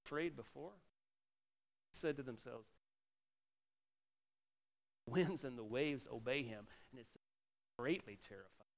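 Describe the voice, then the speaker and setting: A middle-aged man, a pastor, giving a sermon in an animated preaching manner with sudden loud exclamations. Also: mid-range voice, slow, gravelly, long pauses.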